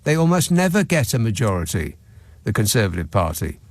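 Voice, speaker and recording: Lowish in pitch but with big swings, this man speaks briskly. Hosting a radio phone-in, he gives an opinionated monologue full of sarcasm, mockery and dry wit, captured dry on a studio mic.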